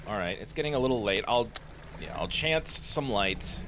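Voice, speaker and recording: A man's voice: medium pitch, lively intonation, normal speed, a bit bright, a little hiss or hum. A man hosting a casual let's play, commenting with wry, sarcastic asides.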